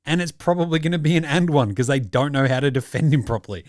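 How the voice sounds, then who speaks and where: A man's voice: a little high, expressive, quick pace, no echo, clean studio sound. An Australian man hosting a casual sports reaction podcast, talking in a blunt, jokey, profane way. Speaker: podcast host.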